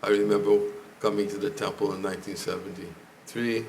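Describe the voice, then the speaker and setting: Hoarse older man, gravelly and halting. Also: fairly low pitch, little pitch movement, darkish tone, slight background noise. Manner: halting, with frequent throat clearing. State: hoarse, losing his voice. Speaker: temple speaker. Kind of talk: lecture to a congregation. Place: temple hall.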